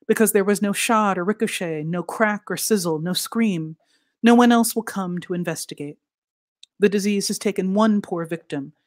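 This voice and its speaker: A woman reading her fiction aloud in a deliberate, expressive way, sinking to soft near-whispers for emphasis. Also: on the low side, dry recording, clean studio sound. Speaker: author reading at a literary event.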